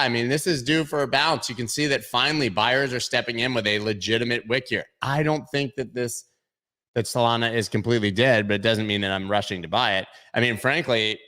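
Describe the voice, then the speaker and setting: A man's voice: on the low side, bright, forceful tone. A man hosting a casual crypto livestream, chatting through charts and making jokey asides to his viewers. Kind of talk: casual livestream market commentary.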